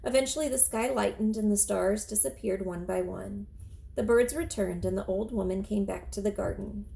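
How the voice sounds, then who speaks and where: A woman teacher reading a children's chapter book aloud in an expressive, steady storytelling manner. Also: medium pitch, moderate pace, creaky, poor audio.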